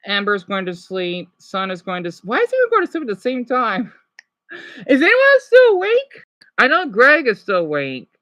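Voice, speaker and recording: A woman livestreaming casually, reading practice words aloud and chatting with her viewers, excitably exclaiming at surprises. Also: mid-range voice, fairly quick, no room sound. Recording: dull lo-fi sound.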